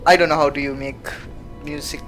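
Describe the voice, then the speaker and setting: A woman's voice: low voice, steady tone, fairly quick, over loud music. Playful woman streamer narrating a game. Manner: playful, hums and reads game text aloud. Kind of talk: live let's-play commentary.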